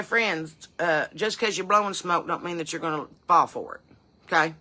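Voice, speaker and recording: A woman doing a sassy, chain-smoking middle-aged mom from the hills, with a twang. Her voice is bright and forceful, and she rambles on in folksy, cheeky asides. It is a comedy character monologue. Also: sits low.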